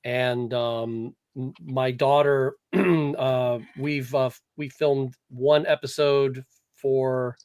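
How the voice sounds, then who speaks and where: A man's voice: medium pitch, steady tone, extremely slow, darkish tone, smooth. A man co-hosting a live podcast, telling rambling stories in casual chat. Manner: rambling, chatty storyteller. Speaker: podcast co-host.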